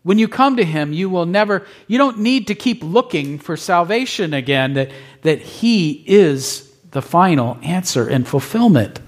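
In an unhurried, animated, high voice, this preacher drives his message through emphatic repetition. He often turns to the congregation with a "right?" to check they're with him.

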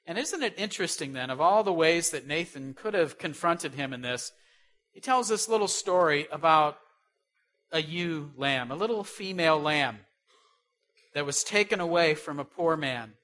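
A man with a fairly high voice preaches a sermon full of rhetorical questions, swinging between loud emphasis and soft asides.

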